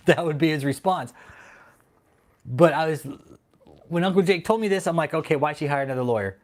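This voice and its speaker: A man's voice: a little high, normal speed, long pauses. A man hosting a livestream, talking casually and then ranting heatedly with heavy swearing and repeated phrases. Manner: heated, profane, repeats himself. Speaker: channel host. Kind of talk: angry livestream rant.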